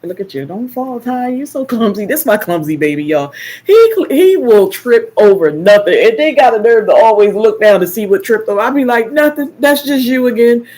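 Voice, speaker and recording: An older woman hosting a casual live stream, chatting and telling animated stories with playful teasing. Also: mid-range voice, normal speed. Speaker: live stream host, caregiver. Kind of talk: casual chat.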